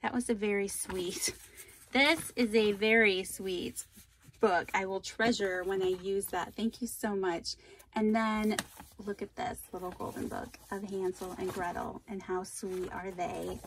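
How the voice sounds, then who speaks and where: A woman's voice: medium pitch, fairly even intonation, a little slow, slight background noise. A woman hosting a casual craft vlog, opening mail from viewers and thanking them effusively. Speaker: craft channel host.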